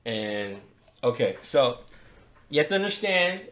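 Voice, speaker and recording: A man's voice: mid-range voice, measured pace. A man who works as a strip club DJ, telling a profane story on a podcast and acting out the people in it. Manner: profane, animated, acts out voices in his stories. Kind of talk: casual storytelling. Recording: echoey room.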